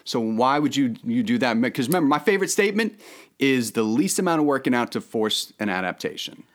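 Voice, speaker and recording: Fast-talking man, a fitness coach. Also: medium pitch, sing-song. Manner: quick, coaching, answers questions with questions. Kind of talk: casual chat.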